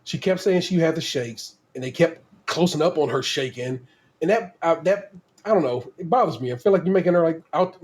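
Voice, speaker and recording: A man's voice: fairly high pitch, a little fast, darkish tone. Slangy, laid-back male podcast host. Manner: laid-back, slangy and profane, laughs often. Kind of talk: casual chat.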